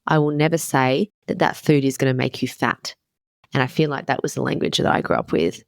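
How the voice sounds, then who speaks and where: Blunt, gravelly-voiced woman podcast coach. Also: rumbling low, steady tone, a little fast, no echo, studio quality. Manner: candid and emphatic, swears casually. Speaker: podcast host and wellness coach. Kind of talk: casual motivational podcast talk.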